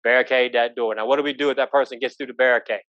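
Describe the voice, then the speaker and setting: A man's voice: medium pitch, steady tone, rapid-fire, fairly bright tone, dry recording. A man runs a live safety training, folksy and full of stories, keeps asking the room "right?" along the way. The sound is dry and a bit dull, like a lo-fi recording. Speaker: police trainer.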